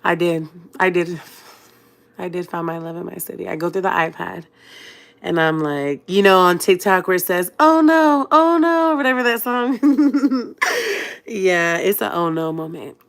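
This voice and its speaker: A woman's voice: fairly low pitch, fairly even intonation, normal speed, vocal fry, a bit bright. Chatty young woman telling a dramatic story. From Fresno, California. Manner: chatty, dramatic, addresses viewers directly. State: has a cold. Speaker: vlogger. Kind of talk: casual storytime livestream.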